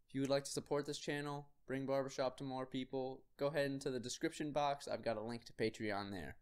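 Man coaching vocal warm-ups. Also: mid-range voice, fairly even intonation, quick pace, clean tone. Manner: upbeat, direct instructions. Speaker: singing teacher.

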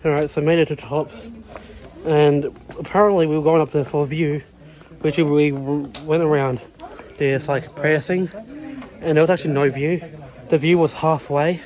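A man's voice: fairly high pitch, fairly even intonation, normal speed, a little mellow. A man in his twenties filming a casual vlog outdoors on a handheld phone, out of breath and sweating as he climbs, rambling and swearing often. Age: 20s. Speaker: vlogger. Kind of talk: casual vlog chat to camera. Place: outdoors, climbing long shrine stairways.

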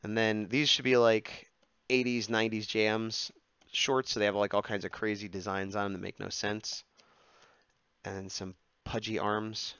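A man's voice: fairly low pitch, flat delivery, unhurried, smooth, no room sound, highs cut off. Man muttering while sketching on stream. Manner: mutters and hums to himself while drawing, then turns to chat brightly. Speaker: streamer sketching and taking requests. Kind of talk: casual live-stream chat while drawing.

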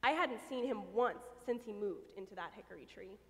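A woman's voice: mid-range voice, normal speed, lightly acted. Woman voicing a suspicious male squirrel, wary, storybook, reverberant hall. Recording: long church reverb.

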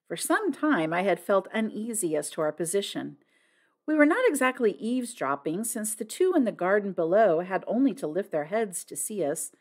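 A woman reads a novel aloud as its narrator. Her voice has a medium pitch and a very animated melody. The reading is expressive and scripted. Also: normal speed. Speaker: audiobook narrator.

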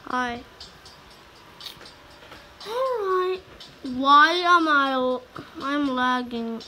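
A woman's voice: sits high, expressive, very slow, sharp tone, a little hiss or hum. A woman gamer giving chatty, exclaiming, slangy commentary as she plays. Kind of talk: casual let's-play commentary.

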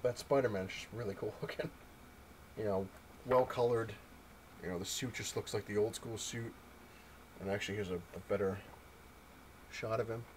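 A man casually talking through a comic book storyline, rambling with frequent ums and restarts and animated retellings. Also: on the low side, moderate pace, pauses often, slight background noise, low-quality recording. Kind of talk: casual comic review talk.

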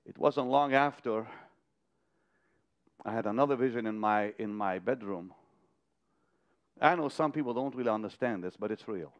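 A man preaching a sermon, telling a vision story with dramatic swings from hushed to loud. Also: medium pitch. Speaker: televangelist. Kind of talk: sermon to partners.

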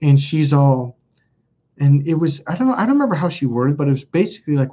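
Husky, profane man telling stories. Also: medium pitch, animated, fast, mellow, dull audio. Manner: blunt, profane, laughs at himself. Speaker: live stream host. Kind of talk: casual storytelling chat.

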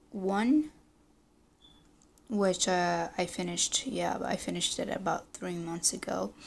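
A young woman talking casually in a vlog and reading vocabulary aloud, hesitant and full of ums. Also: mid-range voice. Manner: slow, hesitant, many ums. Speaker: language learner vlogger.

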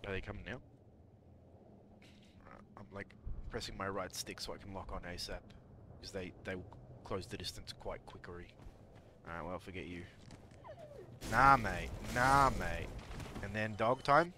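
A man's voice: sits low, moderate pace, long pauses, noisy background. A man streaming a game live, chatty and jokey, talking to his chat and taunting enemies. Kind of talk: live gameplay commentary.

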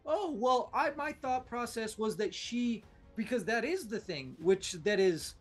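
A man co-hosting a casual pop-culture debate, talking in an animated, rambling way with many restarts. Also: extremely high pitch, a little slow, faint music behind. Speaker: podcast co-host.

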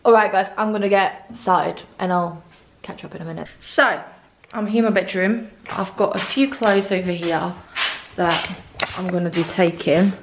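A woman's voice: on the low side, normal speed, slight background noise. A woman vlogging casually to a camera in her bedroom, chatty and rambling, sometimes turning to talk to her dogs. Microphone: camera set up in the room.

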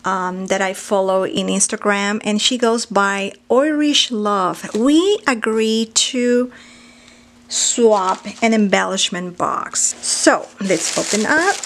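A woman's voice: medium pitch, slow pace, very noisy. A woman vlogger opening a craft parcel on camera, gushing and gasping, often dropping to a whisper. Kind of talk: unboxing commentary.

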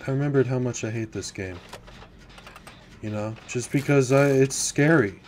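A gaming YouTuber offers casual horror-game commentary at a moderate pace in a mid-range voice, with a little hiss or hum audible. He's jittery and nervous, mumbling worries, then swearing suddenly, and sometimes lowering to a whisper.

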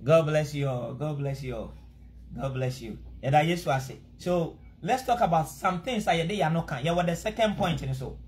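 High-voiced Ghanaian preacher. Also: male voice, moderate pace, darkish tone. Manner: earnest, exhorting, pleading. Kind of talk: sermon mixing Twi and English.

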